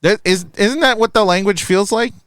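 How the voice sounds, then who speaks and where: A man's voice: high-pitched, moderate pace, clean tone, no room sound, clean studio sound. A man in his thirties, chatting casually as a co-host of a movie review podcast, reading a critic's review aloud and questioning it. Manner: animated, reads review aloud, quizzical.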